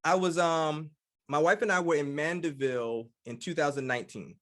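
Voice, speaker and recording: An American man hosting a podcast, speaking in a somewhat higher register for a man. He asks long, rambling questions and keeps chiming in with encouraging agreement. His delivery is upbeat and conversational. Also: normal speed, fairly bright tone. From United States. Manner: enthusiastic, frequent affirming interjections. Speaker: podcast host. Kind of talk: podcast interview.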